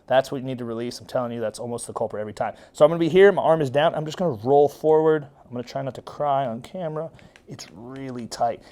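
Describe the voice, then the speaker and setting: A man's voice: fairly high pitch, a little mellow. A man coaching viewers through foam roller techniques, upbeat and chatty, joking and checking in with "okay?" as he demonstrates. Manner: upbeat, chatty, jokey, says okay often. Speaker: fitness coach. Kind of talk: casual instructional demo.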